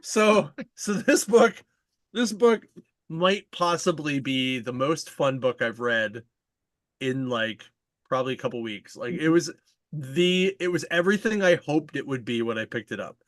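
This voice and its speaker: A man hosting a comics podcast in casual chat, retelling a story excitedly with lots of fillers and laughter. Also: medium pitch, moderate pace, dry recording.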